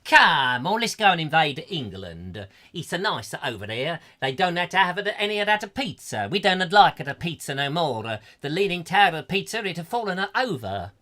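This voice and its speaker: A man's voice: fairly high pitch, sing-song, moderate pace, few pauses, bright, forceful tone. A man voicing a hammy Roman emperor in a comic mock Italian accent. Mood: blustering.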